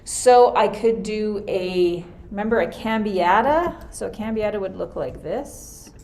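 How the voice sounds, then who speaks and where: A woman's voice: mid-range voice, lively intonation, a little slow, darkish tone. A woman teaching a music theory class in a screen-recorded lesson, casually thinking aloud as she works through an example. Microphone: computer mic for a screen recording.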